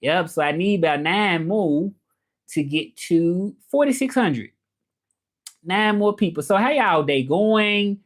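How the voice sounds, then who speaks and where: A man's voice: high voice, animated, slow. A man chatting casually on a live stream, rambling along, greeting viewers by name and trying out French phrases. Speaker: livestreamer.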